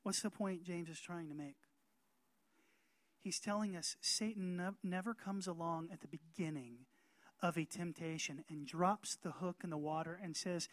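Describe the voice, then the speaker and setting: A middle-aged man preaching a sermon as pastor, emphatic and rising to loud calls for amen. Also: sits high, normal speed, dry recording.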